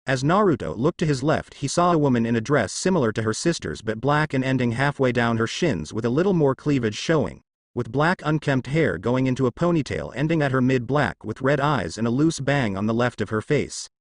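A man reading a fan-fiction story with lively, expressive intonation at an ordinary pitch. The sound is close and dry with no room echo. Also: brisk. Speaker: fanfiction narrator.

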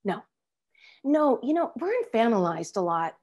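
Actress on a video call, middle-aged woman, kinda high voice, lively, acts out what people said. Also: normal speed. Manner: animated, acts out quoted lines with laughs. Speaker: actress guest. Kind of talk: casual interview chat.

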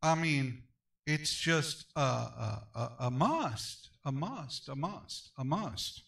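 A man's voice: medium pitch, lively intonation, slow, vocal fry, a bit bright, distant mic, low-quality recording. A male pastor teaching a Sunday school class, emphatic and repetitive, often asking for an amen. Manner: emphatic, repeats phrases, calls for amens.

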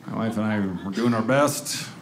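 A man's voice: lowish voice, moderate pace, slight background noise. A male comedian telling a stand-up story in a conversational way, acting out quotes.

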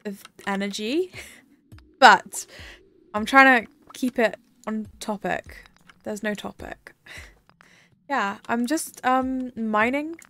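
A woman's voice: on the high side, slow, pauses often, sharp tone. A young woman chatting casually on a live game stream, rambling and giggling as she talks to her viewers. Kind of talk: casual live-stream chat while gaming.

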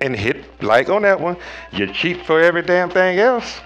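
A man giving a preachy tarot reading in a slangy, profane way, talking straight to viewers and swinging between loud highs and low murmurs. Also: very animated, moderate pace, highs cut off, soft background music. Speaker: tarot reader.

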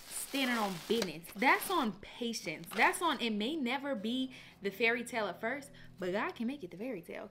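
A young woman vlogger chatting straight to her viewers in a bright, lively voice that sits a little high. She rambles in a friendly, playful way and keeps calling her audience y'all, like she's catching up with a friend. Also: slight background noise. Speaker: lifestyle vlogger. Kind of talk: casual vlog chat to camera.

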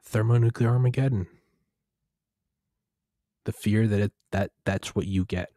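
A man's voice: on the low side, a little slow, mellow, no echo, clean studio sound. A young man talking in a casual, rambling monologue, profane and digressive, often restarting his sentences.

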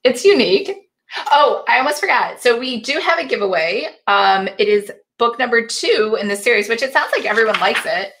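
A woman's voice: on the high side, lively intonation, normal speed, fairly bright tone. A woman hosting a casual live book club chat, laughing often and reading viewer comments aloud.

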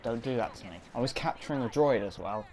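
A fast-talking man with a mid-range, slightly mellow voice and lively intonation comments on a video game as he plays. He reacts on the fly in a casual, self-mocking way. A little hiss or hum runs underneath.

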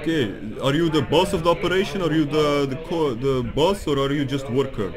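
A man's voice: on the high side, a little fast, crowd noise. A man putting on a gloating Russian hacker. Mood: interrogating. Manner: taunting, bossy, broken English. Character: boastful male Russian hacker taunting a scammer. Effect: voice changer.

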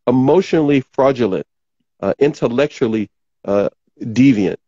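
A man hosting a talk show, rambling casually as he reads out viewer comments, his voice going hoarse. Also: mid-range voice, lively intonation, normal speed, mellow, no echo, muffled recording. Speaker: podcast host.

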